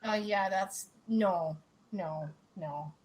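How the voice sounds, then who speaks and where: A woman's voice: medium pitch, very slow, a little mellow, poor audio. A woman co-hosting a radio show, chatting casually and telling stories with frequent laughter. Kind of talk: casual chat, storytelling.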